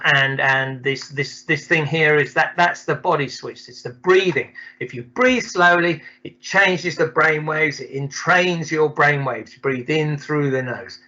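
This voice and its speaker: A man's voice: on the high side, pushed and bright, highs cut off. A man from Scotland, a doctor, hesitantly explaining a mental training method in a webinar. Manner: hesitant, with many restarts. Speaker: doctor presenting. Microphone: video call.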